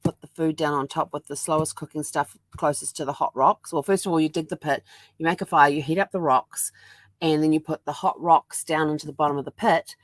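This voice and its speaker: A low-voiced New Zealand woman talks briskly in a steady tone. As a vlogger at home with her dog, she rambles through a casual daily vlog full of ums, her New Zealand accent clear.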